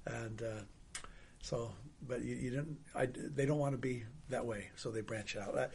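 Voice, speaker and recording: A man hosting a casual conversation, telling stories in a husky voice that trails off quietly at the ends of sentences. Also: medium pitch, steady tone, moderate pace. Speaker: host.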